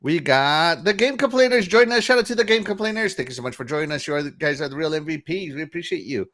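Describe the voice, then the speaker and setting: A man's voice: a little high, expressive, fast, a bit bright. A man hosting a casual livestream podcast, chatty and upbeat, laughing often as he greets viewers. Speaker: podcast host.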